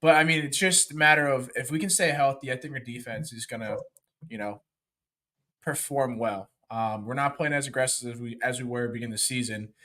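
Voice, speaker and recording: A man co-hosting a sports podcast, talking in a hesitant, halting way with many fillers. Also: medium pitch, fairly even intonation, bright, forceful tone. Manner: hesitant, lots of ums. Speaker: podcast co-host. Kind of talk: casual sports talk.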